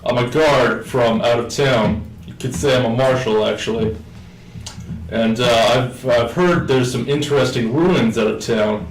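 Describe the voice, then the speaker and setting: A man's voice: medium pitch, unhurried. Hesitant man playing his character. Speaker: player. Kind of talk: in-character tabletop role-play. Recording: roomy, distant mic.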